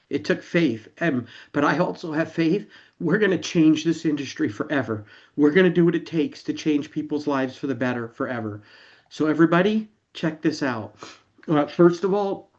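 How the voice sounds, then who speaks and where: A man's voice: a little high, a little mellow, dull audio. A man leading an online company announcement for his members, earnest and emotional, repeating himself for emphasis. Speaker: company founder addressing members.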